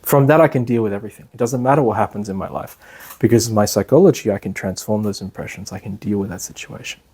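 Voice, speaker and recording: A man's voice: on the low side, fast talker, dark tone, husky. A man giving a class as an instructor, talking loosely with many fillers and restarts. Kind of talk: lecture.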